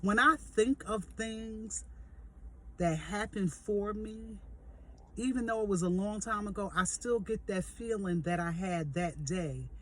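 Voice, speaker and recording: A woman in her fifties, a vlog host, telling a personal testimony in a lively, jokey, conversational way and speaking straight to her listeners. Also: medium pitch, a little slow. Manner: animated, jokey storyteller who acts out quoted voices; conversational, addresses listeners directly. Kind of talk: storytelling testimony.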